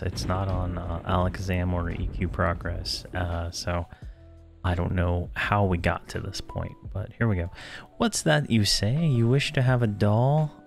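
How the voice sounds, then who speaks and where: A man's voice: sits low, creaky. A man casually talking through a video game quest, with lots of hesitations. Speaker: gamer commentator. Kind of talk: game playthrough commentary.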